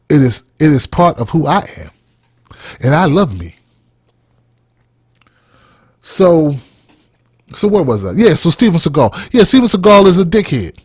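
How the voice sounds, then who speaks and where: A man's voice: a little high, very animated, normal speed, long pauses, a little mellow, husky, no echo, studio quality. Fired-up man ranting with heavy cursing. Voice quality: blunt, heated, heavy cursing. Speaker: podcast host. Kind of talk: profane opinion rant.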